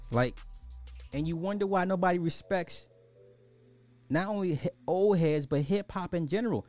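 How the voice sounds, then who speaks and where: A man's voice: sits high, normal speed, pauses often, a little mellow, soft background music. A man hosting a podcast, giving blunt, exasperated casual commentary, often restarting his sentences. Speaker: podcast host.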